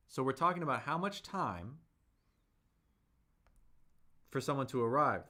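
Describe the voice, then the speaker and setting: A man's voice: medium pitch, animated, pushed and bright. Upbeat male Chinese tutor on a livestream. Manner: upbeat, chatty, slows down to model tones; reads viewer comments aloud and answers them. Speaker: Chinese teacher and livestream host. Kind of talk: live-streamed language lesson reading chat.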